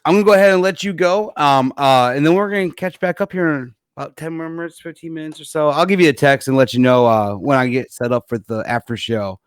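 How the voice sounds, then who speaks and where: A man's voice: a little high, fast, few pauses, clear, resonant tone, dry recording. Easygoing guy wrapping up his live stream show, says dude a lot, dry close sound. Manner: easygoing, rambling, calls people man and dude. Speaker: podcast host. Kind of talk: casual live-show chat. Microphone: computer setup for a live stream.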